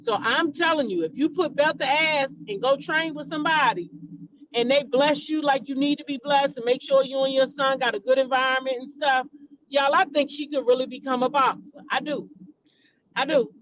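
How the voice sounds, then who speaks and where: A woman's voice: high voice, normal speed, muffled recording, noisy background. A woman hosting a celebrity gossip show, chatting casually and animatedly to her viewers and calling them y'all.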